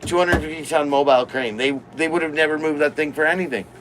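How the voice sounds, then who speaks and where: A man's voice: a little high, fast talker, background noise. A man chatting bluntly in a motorhome, matter-of-fact and swearing. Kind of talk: casual chat. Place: inside a motorhome.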